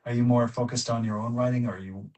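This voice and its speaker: A man appearing as a guest illustrator in a casual chat, friendly and agreeable, thinking out loud. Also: mid-range voice, fairly even intonation, quick pace.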